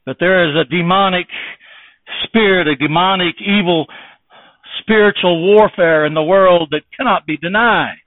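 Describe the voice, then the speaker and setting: A man's voice: normal speed, dry recording. A male pastor preaching an impassioned sermon, firing rhetorical questions and quoting old scripture phrasing. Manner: impassioned preaching, swinging from loud exhortation to low earnest tones. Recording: dry, tinny phone-like sound.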